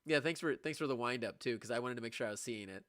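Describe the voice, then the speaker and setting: A young man, a music teacher, chats casually with viewers on a livestream. He is excitable and quick to laugh. His voice sits in a mid range and sounds dry and close. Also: mid-range voice, no echo. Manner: chatty, laughing, excitable about gifts. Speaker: music teacher streaming live.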